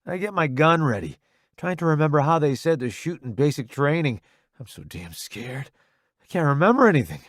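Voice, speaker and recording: A man narrating a first-person romance audiobook in an expressive, intimate way. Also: on the high side, normal speed, no room sound, studio quality.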